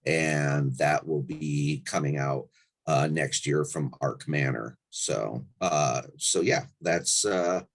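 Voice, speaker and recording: A man, an anthology editor, chatting in a round table and talking in a halting way with many fillers. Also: very deep voice. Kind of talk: casual round-table chat.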